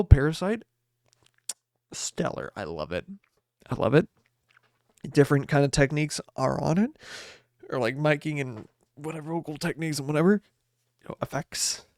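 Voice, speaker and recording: A man's voice: fairly high pitch, a little mellow, no echo, clean studio sound. A man hosting a late-night podcast, chatting in a rambling, upbeat way full of fillers and restarts. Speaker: podcast host.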